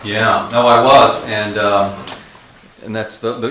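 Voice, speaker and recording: A middle-aged man telling animated anecdotes to a live audience, often chuckling as he goes, then taking questions. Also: lowish voice, slow pace, a little hiss or hum. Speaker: speaker telling stories to an audience. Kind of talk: storytelling talk to a live audience. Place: lecture room with audience.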